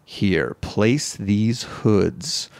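A man tells a story in loose, casual conversation. He jumps between his normal voice and high, panicky impressions of himself and others, laughing through it. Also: drawn-out words, creaky, noisy background. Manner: animated, acts out his own quotes in a high panicky voice.

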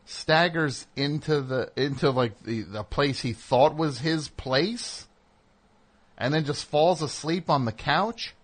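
A middle-aged man hosting a show, telling a casual story and acting out the people in it with sudden loud outbursts. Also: on the high side, takes it slowly. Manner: animated, acts out voices with loud outbursts. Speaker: host.

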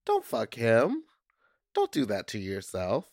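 A man's voice: on the low side, takes it slowly, dry recording, clean studio sound. A man co-hosting a podcast, campy and crude, with playful voices and big laughs. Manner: campy, animated, crude jokes. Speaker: podcast co-host. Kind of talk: casual chat.

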